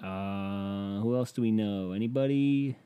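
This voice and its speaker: A man's voice: fairly low pitch, measured pace, clear, resonant tone, no room sound, phone-quality sound. A man hosting a comedy podcast, reading a biography aloud and riffing on it in an irreverent, sarcastic, profane way. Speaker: podcast host.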